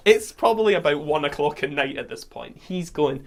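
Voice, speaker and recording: A man with a Scottish accent, hosting a podcast and telling a camping story in a casual, animated way, acting out quotes and laughing often. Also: fairly high pitch, fairly quick, vocal fry, few pauses. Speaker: podcast host.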